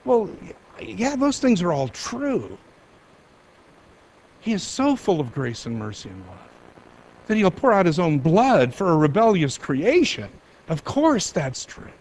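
Middle-aged pastor guy preaching, kinda high voice, really emphatic. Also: huge pitch swings, unhurried, long pauses, darkish tone, a little hiss or hum. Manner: emphatic, varies pace for emphasis. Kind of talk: sermon.

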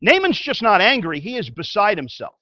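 A man preaching a sermon as a pastor. He tells the story in an animated way and swings from loud to hushed. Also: high voice, brisk, no room sound, lo-fi sound.

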